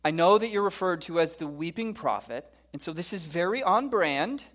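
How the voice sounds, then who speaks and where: A preacher acting out a blunt, exasperated executive who lectures and pushes hard, with a fairly high voice that climbs as he insists. He sounds impatient and bossy. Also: expressive, normal speed, a bit bright. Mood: firm. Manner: pushy, exasperated. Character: exasperated male publishing executive, pushy and blunt.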